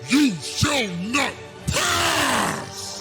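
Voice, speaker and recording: A man voicing a huge, ominous male demon gatekeeper who makes slow, booming, solemn pronouncements. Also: big pitch swings, loud music behind the voice, heavily acted.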